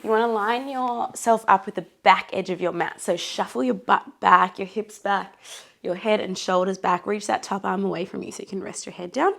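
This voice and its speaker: A hoarse, run-down young woman leading a pilates workout with a raspy voice, encouraging and counting reps as she cues each breath. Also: medium pitch, fairly even intonation, moderate pace, a bit bright. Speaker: pilates instructor. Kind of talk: guided workout instruction.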